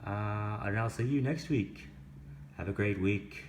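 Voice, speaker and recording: A man's voice: on the low side, unhurried, a little mellow, a little hiss or hum. A man teaching an English lesson, explaining grammar and pronunciation step by step and asking the class questions.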